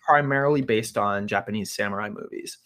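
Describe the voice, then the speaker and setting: A man's voice: on the low side, fairly quick, a bit bright. A man co-hosting a podcast, talking through a film review thoughtfully, with many fillers and restarts. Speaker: podcast co-host. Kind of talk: casual film review chat.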